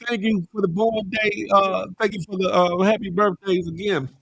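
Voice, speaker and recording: A middle-aged man hosting a casual live morning show, animated and slangy, calling out chat names and preaching a little. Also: high-pitched, normal speed, no room sound. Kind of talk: casual live-stream chat reading viewer comments.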